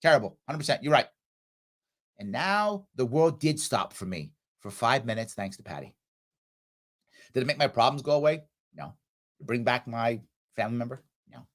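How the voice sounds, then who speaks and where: Animated middle-aged male talk show host. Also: mid-range voice, moderate pace. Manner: animated, acts out quoted voices, emphatic. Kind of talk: motivational talk show monologue.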